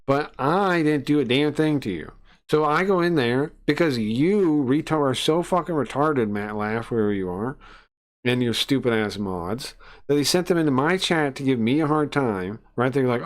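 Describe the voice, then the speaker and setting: A man streaming live, swearing and ranting with open scorn. His pitch sits in an ordinary middle range. He talks into a desk mic. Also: moderate pace. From United States. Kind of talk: casual stream rant.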